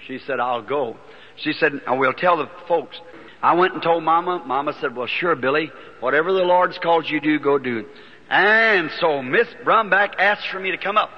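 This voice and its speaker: A man in his 50s preaches a sermon before a congregation in a large hall, telling his life story in a folksy way and taking on the voices of the people in it. His voice is a little high and slightly rough, captured on a dull, lo-fi archival recording with long hall reverb.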